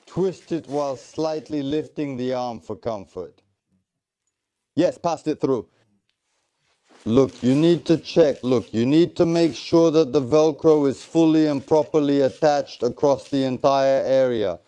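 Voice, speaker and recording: Man coaching a first aid drill, dark voice. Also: medium pitch, unhurried. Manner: coaching, repetitive encouragement. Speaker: military tactical medicine instructor. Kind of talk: hands-on first aid training instruction.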